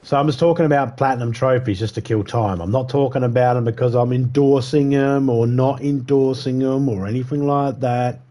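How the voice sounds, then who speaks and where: A man's voice: mid-range voice, fairly even intonation, a little fast, hardly any pauses, mellow. A man live-streaming a survival game, rambling and cursing casually as he talks to viewers. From United States. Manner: rambling, profane, chatty monologue.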